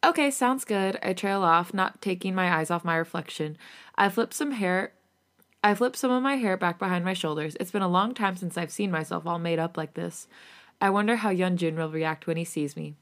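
A woman podcast host reading a romantic fan fiction story aloud in a casual, animated and sometimes giggly way. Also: fairly low pitch, normal speed.

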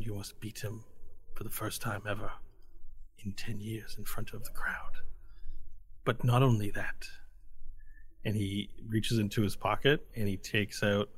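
A man voicing a scheming male plotter who speaks in a hushed, conspiratorial way. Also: fairly low pitch, slight background noise, close to an everyday voice.

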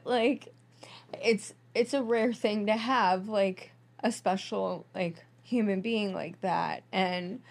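A woman's voice: medium pitch, creaky, a little mellow. A young woman co-hosting a podcast, talking in a casual, gushing way full of fillers as she tells a personal story. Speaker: podcast co-host. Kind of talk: casual chat.

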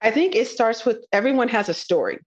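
A woman speaking as a guest in a podcast interview, enthusiastic and conversational, slowing down to stress key words. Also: on the high side, lively intonation, lo-fi sound. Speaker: interview guest, nurse informatics specialist.

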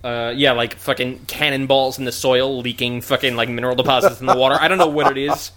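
Male co-host, bright and forceful tone, wry and profane delivery. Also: mid-range voice, fairly even intonation, quick pace. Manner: wry, profane, dry sarcastic asides. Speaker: podcast co-host. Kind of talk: casual chat.

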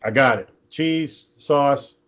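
Man, casual chat, rambling stories, mid-pitched voice, lots of fillers. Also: slow, a bit bright. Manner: rambling storyteller, many fillers and restarts.

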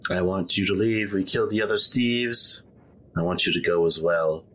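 A man's voice: sits low, moderate pace, noisy background. A man playing a tabletop game, speaking bluntly and firmly as his character. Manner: blunt, firm in-character lines. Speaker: player. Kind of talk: tabletop game role-play.

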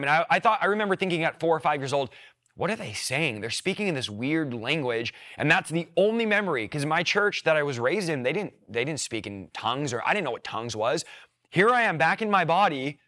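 A man's voice: a little high, pushed and bright. A young man telling his personal faith testimony on a podcast, earnest and emotional, often repeating his phrases. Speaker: podcast guest.

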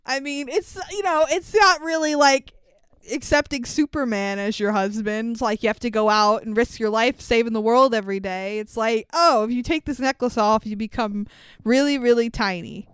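A woman's voice: a little high, moderate pace, smooth, no echo. A woman in her thirties co-hosting a casual podcast, retelling a movie with frequent laughs and swearing. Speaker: podcast co-host. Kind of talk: casual movie recap chat.

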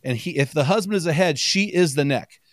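An energetic man telling stories on a podcast, slightly high-pitched for a man and quick to laugh. The sound is dry and close, with no room echo. He talks fast and keeps the chat casual. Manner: energetic storyteller, quick and chatty, laughs often. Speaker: podcast guest.

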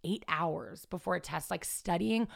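A woman's voice: fairly low pitch, measured pace, creaky. A young woman guest on a podcast, chatting casually, rambling and self-deprecating with frequent laughs. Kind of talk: casual chat.

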